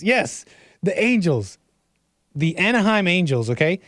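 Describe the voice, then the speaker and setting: A rambling, animated American man hosts a casual livestream. His voice sits somewhat high for a man, and the sound is dry and close to the mic with no room echo. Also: normal speed. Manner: rambling and animated, laughs often, reads chat aloud. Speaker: livestream host.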